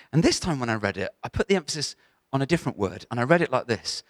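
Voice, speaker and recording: A male preacher gives a sermon in a church gathering, talking to his listeners in a casual, emphatic way and often restarting his sentences. His voice sits at a middle pitch, and it is recorded close and dry, with little room sound. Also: big pitch swings, fast, no echo. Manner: conversational, emphatic, with many restarts.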